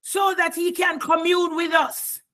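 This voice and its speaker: A woman preacher delivering a fervent sermon, repeating phrases and often raising her voice to a shout. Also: very high voice, level tone, a little slow.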